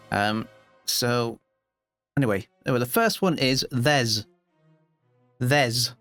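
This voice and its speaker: A man with a Yorkshire accent chatting casually to his viewers, chuckling and pausing with lots of ums. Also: mid-range voice, fairly bright tone, no room sound. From Yorkshire, England. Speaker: gaming YouTuber. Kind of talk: casual explainer talk to camera.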